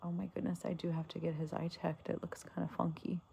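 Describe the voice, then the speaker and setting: A woman chatting softly to her pets and viewers in doting baby talk, sometimes singing a lullaby. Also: on the low side, flat delivery, quick pace, gravelly, slight background noise. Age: adult with a daughter. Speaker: pet vlogger. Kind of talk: casual chat to pets and viewers.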